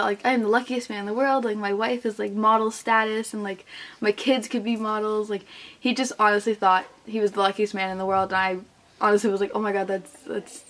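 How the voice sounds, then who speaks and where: A young woman casually telling a personal story to camera as a vlogger, chatty and full of "like", quoting what others said. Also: medium pitch. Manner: chatty, heavy use of "like", retelling with quoted voices.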